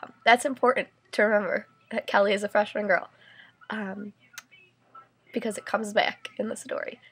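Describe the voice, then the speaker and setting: A woman's voice: mid-range voice, fairly even intonation, normal speed, breathy edge. A young woman vlogger telling a story to her camera in a chatty way, full of fillers and "like"s. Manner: chatty, many fillers and "like"s, indignant rant.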